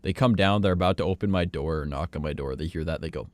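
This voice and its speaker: A man's voice: very deep voice, fast, dry recording. A young man with a stuffy nose, streaming and rambling casually, swearing and playing mock-offended. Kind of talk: casual chat.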